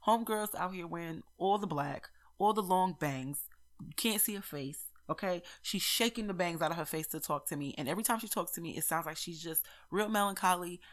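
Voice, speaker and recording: A woman's voice: lowish voice, fairly bright tone. A young woman, talking candidly and playfully on a solo podcast episode. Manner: candid, chatty, playful asides. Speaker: podcast host. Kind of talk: casual solo podcast talk.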